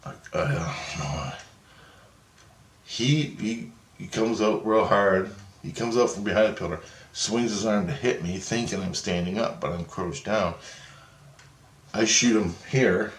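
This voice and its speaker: A man casually telling a rambling, excitable story and swearing freely as he goes. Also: fairly low pitch, a little slow, long pauses. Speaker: vlogger. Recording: echoey room.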